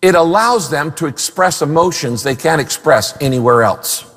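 Male pastor, high and expressive, emphatic sermon delivery, reverberant hall. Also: normal speed. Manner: animated, emphatic preaching with rhetorical questions.

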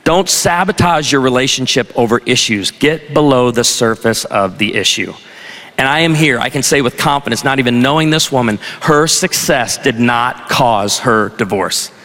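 A man's voice: medium pitch, moderate pace, a bit bright. A middle-aged male pastor preaching a sermon in a large university auditorium, telling stories with wry humor in a conversational way. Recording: long hall reverb.

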